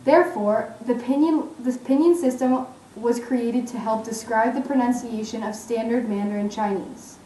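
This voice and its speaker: A woman's voice: fairly high pitch, normal speed, mellow, echoey room, recorded from a distance, a little hiss or hum, low-quality recording. A woman giving a classroom presentation on Chinese tones, reading from a script.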